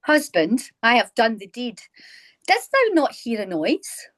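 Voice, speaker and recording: A woman's voice: a little high, sing-song. A woman reading a shaken Macbeth on a video call. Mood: tense. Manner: plain, halting reading with echoed cue words. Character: shaken male nobleman fresh from a murder. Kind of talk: script read-aloud exercise. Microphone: phone on a video call.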